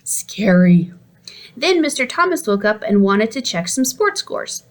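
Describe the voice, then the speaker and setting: A woman reading a children's storybook aloud in an expressive way, putting on voices for the characters. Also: medium pitch, measured pace. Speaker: audiobook reader. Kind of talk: storybook narration.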